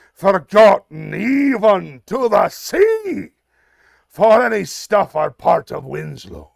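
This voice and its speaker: A man performing a raging old sea captain who bellows curses in a booming, theatrical pirate brogue. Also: creaky, no room sound, clean studio sound, heavily acted. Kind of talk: dramatic monologue performance.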